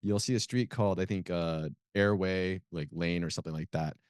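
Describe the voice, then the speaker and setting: A man with a very low voice chats easily as a podcast co-host. He talks in a relaxed, hesitant way, full of fillers and restarts. The sound is close and dry. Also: normal speed, smooth, no echo. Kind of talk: casual chat.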